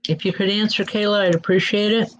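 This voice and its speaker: A woman working as a psychic medium, giving spirit readings in a gentle, reassuring way and speaking straight to listeners by name. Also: medium pitch, steady tone, fast, slight background noise. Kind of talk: live spirit readings and announcements. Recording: dull lo-fi recording.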